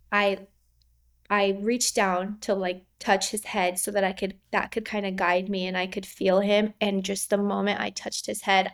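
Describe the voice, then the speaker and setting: A woman in her thirties recounting her birth story in a casual, rambling way, with many fillers and frequent laughs. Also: medium pitch. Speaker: podcast guest. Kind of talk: personal story, casual interview.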